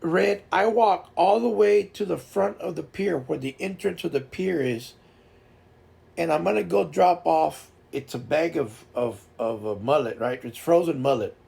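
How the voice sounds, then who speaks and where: Casual stream host, male, heavily gravelly and a touch high, rambling storyteller who restarts often. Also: unhurried, darkish tone. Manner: laughs while telling fishing stories.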